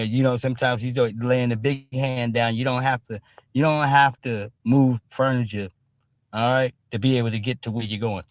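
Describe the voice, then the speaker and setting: In a mid-range voice with no room sound, a man runs a casual live-stream, offering blunt, profane street-style commentary. He's emphatic and keeps tossing in "all right?" after his points.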